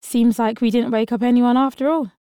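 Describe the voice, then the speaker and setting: A woman voicing a quick, wry young woman who teases in a dry, quick way. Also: fairly high pitch, steady tone, warm tone, smooth, no echo, voice pushed up, close to an everyday voice.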